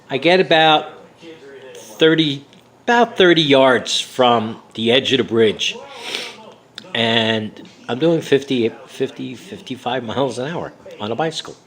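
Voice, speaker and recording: A man's voice: mid-range voice, lively intonation, unhurried, fairly bright tone, rough recording. Rambling older man telling a memory. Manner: rambling storytelling with many fillers. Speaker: memoir author. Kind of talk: reading and recounting his memoir.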